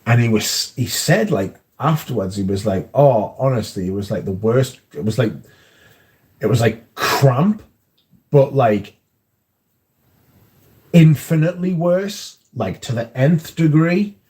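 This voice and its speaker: A man's voice: mid-range voice, lively intonation, a little slow, a little mellow. A man hosting a livestream, chatting casually with viewers and telling rambling anecdotes full of swearing and filler words. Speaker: livestream host.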